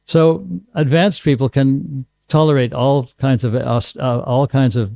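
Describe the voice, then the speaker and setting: A man leading a temple class, answering questions in a dark, gravelly voice. He pauses often and restarts his sentences as he searches for words. The sound is dry and close. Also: medium pitch, fairly even intonation, dry recording. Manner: halting, many restarts and pauses. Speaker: guru giving a scripture class. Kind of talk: unscripted question-and-answer talk.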